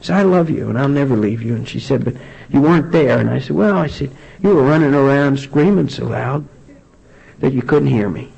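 A man gives a heartfelt testimony at a recovery meeting, his voice gravelly with a husky edge. He talks earnestly and often trips over his words and starts again. The recording sounds dull and lo-fi. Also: medium pitch, darkish tone. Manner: earnest, halting, frequent restarts. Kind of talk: personal testimony talk.

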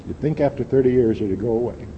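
A man in his fifties sharing a personal testimony at a recovery meeting, earnest and folksy, dropping to a quiet intensity at times. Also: medium pitch, fast. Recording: dull lo-fi hall recording with faint hiss.

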